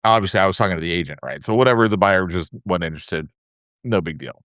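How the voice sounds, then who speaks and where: A man's voice: deep voice, fast, a bit bright, dry recording, studio quality. A man co-hosting a podcast, telling casual anecdotes full of fillers and asides. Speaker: podcast co-host. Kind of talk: casual chat.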